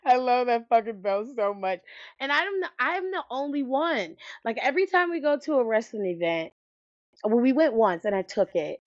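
A woman's voice: fairly high pitch, lively intonation, normal speed, no room sound. Chatty woman on a dull, dry recording. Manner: chatty, enthusiastic, rambling. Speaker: podcast co-host. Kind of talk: casual chat.

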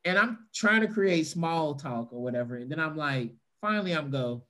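A man's voice: moderate pace, few pauses. A man telling a funny, profane story to an audience and mimicking other people's voices. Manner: animated, profane, mimics voices in a high pitch. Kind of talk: stand-up storytelling.

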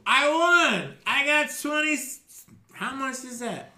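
A man voicing a boastful drunk male tavern brawler who brags loudly and slurs. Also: high voice, lively intonation, unhurried, echoey room, pitched above the performer's own voice, heavily acted. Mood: drunk boasting. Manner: slurred, loud, gleeful bragging.

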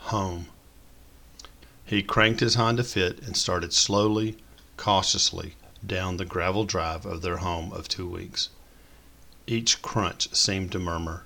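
Man, story narrator, very low voice, forceful, steady, descriptive. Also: gravelly. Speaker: audiobook narrator.

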